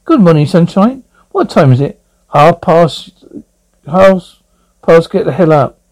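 A man's voice: fairly high pitch, big pitch swings, slow pace, darkish tone, poor audio. A man playing a wisecracking young lawyer buddy. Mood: teasing. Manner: teasing, wisecracking. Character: joking, chatty young male lawyer friend.

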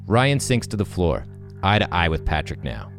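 Male host narrating stage directions, lowish voice, lively delivery, brisk. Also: creaky, music in the background. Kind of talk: reading screenplay-style scene directions.

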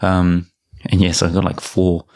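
A man's voice: sits low, completely flat delivery, normal speed, a little mellow. A young man with a New Zealand accent hosting a podcast, chatting casually in a rambling way with many fillers and restarts. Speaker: podcast host. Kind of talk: casual chat.

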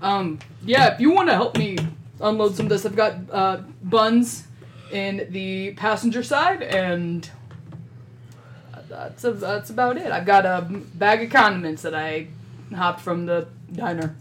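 A woman's voice: medium pitch, a little slow, natural voice. A folksy, cheerful middle-aged dad, as a woman game master puts him on, chatting easily. Faint background noise sits under the talk. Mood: easygoing.

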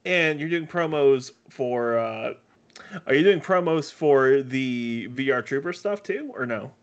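A man co-hosting a podcast who chats casually, teases the guest, and is quick to joke and laugh. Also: mid-range voice, animated, highs cut off. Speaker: podcast co-host.

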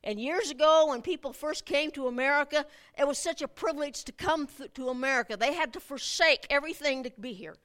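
A middle-aged woman preaching a sermon, animated and rising to emphatic outbursts. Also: high-pitched, a little fast, hardly any pauses.

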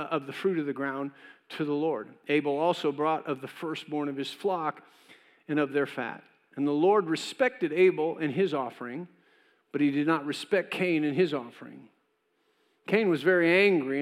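A man's voice: a little high, long reverb tail. A man pastor preaching a sermon in a conversational way, acting out short voices of the people in his story. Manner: conversational preaching, acts out voices of God and Cain. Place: church.

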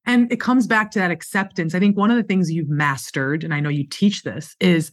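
Woman host, lowish voice, talks spiritual stuff, affirms her guest a lot. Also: a little fast. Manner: warm affirming, spiritual vocabulary. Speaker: podcast host. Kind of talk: conversational interview talk.

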